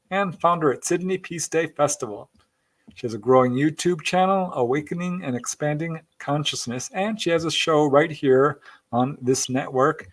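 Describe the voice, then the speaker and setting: A man hosting a podcast, introducing his guest in an enthusiastic, effusive way and chatting casually. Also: a little high. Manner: warm, effusive, upbeat. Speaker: podcast host. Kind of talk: enthusiastic show introduction and chat.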